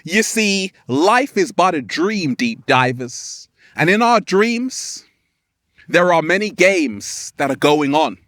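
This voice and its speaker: A man giving an animated, playful motivational vlog outdoors in nature, laughing often. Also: fairly high pitch, takes it slowly, no echo, studio quality. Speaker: spiritual vlogger.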